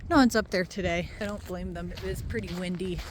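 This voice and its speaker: A woman's voice: fairly low pitch, fairly even intonation, a little fast. A woman vlogging casually while hiking outdoors, chatting in a rambling, self-deprecating way into a handheld camera. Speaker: van life vlogger. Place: outdoors on a windy desert trail. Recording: loud wind noise.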